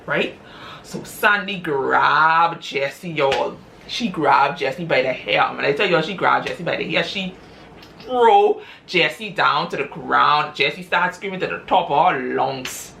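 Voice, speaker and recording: Woman, low voice, casual story recap, chatty, drawn-out, faint background hiss. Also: gravelly, pushed and bright. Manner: chatty, drawn-out, addresses listeners as y'all. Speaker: storyteller retelling her own script.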